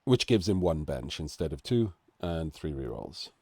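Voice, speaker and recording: Sick, coughing Welsh man, very deep. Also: expressive, normal speed, darkish tone, dry recording, clean studio sound. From Wales. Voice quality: nasal, throaty. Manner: chatty, self-deprecating asides. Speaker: game analyst. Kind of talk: casual game commentary.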